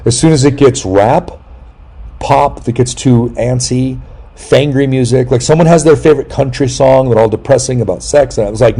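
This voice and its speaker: A man talks in a loose, rambling way, his voice mellow and dark. He tells stories with animated asides, suddenly pitching up to mimic people, and swears without a second thought. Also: normal speed, breathy edge. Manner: swears freely. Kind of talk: casual chat.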